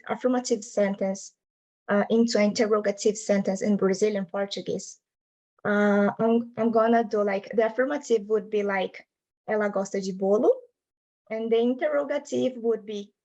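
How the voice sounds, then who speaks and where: A woman's voice: fairly high pitch, fairly even intonation, moderate pace, a little mellow, rough recording. A young adult woman presenting her linguistics research in an academic talk over a video call, explaining patiently in non-native English phrasing.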